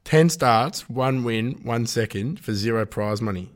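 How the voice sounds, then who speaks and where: A man's voice: medium pitch, a little slow. An Australian man hosting a casual greyhound-betting podcast, joking and laughing his way through rambling banter. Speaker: podcast host. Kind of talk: casual sports betting chat.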